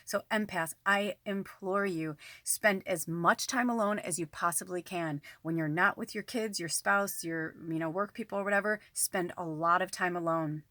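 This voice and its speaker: A woman's voice: lowish voice, moderate pace, few pauses, bright, forceful tone, no room sound. A woman who works as a psychic medium, talking to her viewers in a rambling, candid monologue, swearing often and speaking close to the camera. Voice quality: frequent swearing, rambling and emphatic. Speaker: psychic medium and channel host. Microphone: camera close to the face.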